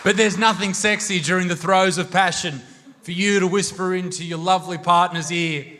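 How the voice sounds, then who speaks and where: A man with an Australian accent doing live stand-up comedy, brash and crude, talking loudly into a handheld stage mic. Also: sits high, fairly even intonation, moderate pace, a crowd in the background, noisy background. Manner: brash, crude and loud, bursting into shouts. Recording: long reverb of a live venue.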